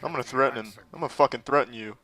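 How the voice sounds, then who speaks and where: A man's voice: mid-range voice, very fast, bright, forceful tone. A man giving crude, sarcastic gameplay commentary and talking trash to the enemies in the game. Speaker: gaming commentator.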